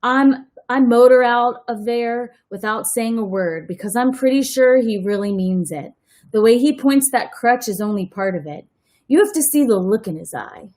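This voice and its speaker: A woman's voice: fairly high pitch, normal speed, warm tone. Chatty woman reading a book aloud. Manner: chatty, self-correcting asides. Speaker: read-aloud host, teacher.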